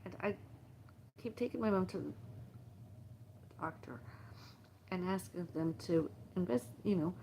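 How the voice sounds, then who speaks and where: Gravelly middle-aged woman, halting and emotional. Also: on the low side, animated, warm tone, slight background noise. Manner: halting, emotional, repetitive lists. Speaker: livestream host. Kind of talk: rambling personal monologue. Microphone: phone livestream.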